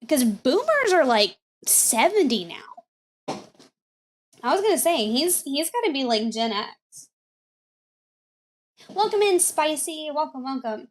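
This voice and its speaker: Streaming live and reacting to clips, this woman is profane and blunt, circling back to the same phrases again and again. She has a high, sing-song voice and keeps a measured pace.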